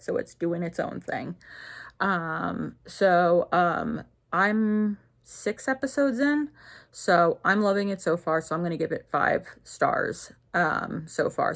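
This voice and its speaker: A woman's voice: lowish voice, gravelly. A young woman chatting casually to camera at home as a vlogger, rambling with many fillers and self-corrections.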